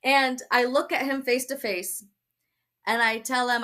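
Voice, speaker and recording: A young woman tells her personal testimony as a guest. She sounds bright and a little high, acts out quoted dialogue and laughs easily. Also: fairly even intonation, normal speed. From Brooklyn, New York. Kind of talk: personal testimony in a talk show.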